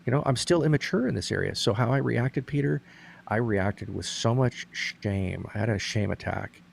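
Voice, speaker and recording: A man's voice: mid-range voice, normal speed, gravelly, slight background noise. A middle-aged man in casual conversation, earnestly explaining a point with many restarts.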